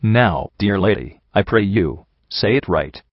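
A deranged, rotting ghoul stallion prince, as a male reader puts him on, speaking grandly in a booming, boiled-sounding voice pitched low, then erupting into screams. The dry, slightly muffled recording keeps him close and dull. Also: lively intonation, a little slow, dry recording. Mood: menacing charm.

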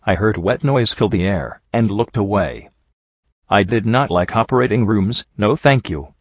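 Guy reading a story aloud, lowish voice, dry muffled lo-fi sound. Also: expressive, unhurried, no room sound. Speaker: audiobook reader. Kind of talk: first-person fiction narration.

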